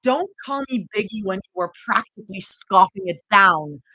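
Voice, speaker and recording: A woman reading aloud, playing a gentle young woman who teases calmly, her voice a touch lower than the narration. It comes across clear and bright in a dry, close recording. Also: moderate pace, no room sound, poor audio. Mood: indignant.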